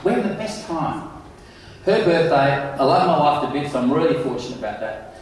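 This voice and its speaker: Brief: middle-aged male keynote speaker, animated and self-mocking, a little high, echoey and distant in a big hall. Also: brisk. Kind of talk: conference keynote storytelling. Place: large conference hall. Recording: echoey hall, mic heard from afar.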